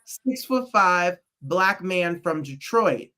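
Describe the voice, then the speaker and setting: Bright-voiced, effusive man from New Jersey. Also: high-pitched, expressive, slow, slight background noise. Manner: effusive, rambling. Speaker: host. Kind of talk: casual chat.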